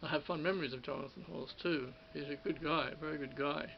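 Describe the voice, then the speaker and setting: This former radio studio producer, a middle-aged Australian with a slightly high, heavily gravelly voice, reminisces in a meandering way with fairly even intonation. His speech stumbles along through frequent restarts, repeated words and chuckles. A faint hiss sits under the dull, lo-fi sound.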